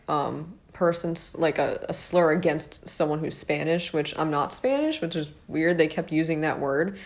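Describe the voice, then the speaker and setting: A young woman telling a personal high school story in a rambling, casual way, full of fillers and little laughs. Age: young adult.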